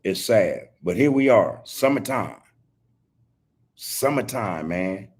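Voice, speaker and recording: Husky man preaching to his listeners. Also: fairly low pitch, expressive, takes it slowly. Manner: preachy, repeats himself, street slang like "homie" and "man". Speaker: podcast host. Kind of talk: casual monologue. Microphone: video call.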